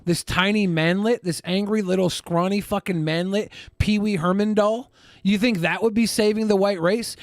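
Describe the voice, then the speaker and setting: A man's voice: high voice, fairly even intonation, normal speed, no room sound, studio quality. A man co-hosting a podcast, talking in crude, mocking casual banter. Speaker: podcast co-host.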